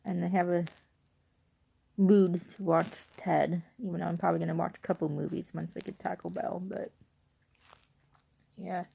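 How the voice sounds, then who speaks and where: A woman's voice: lowish voice, flat delivery, moderate pace, vocal fry, long pauses, warm tone, breathy edge. A young woman telling a rambling story casually at home in her bedroom at night, full of "like" and asides. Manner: rambling, chatty, lots of "like". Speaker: vlogger.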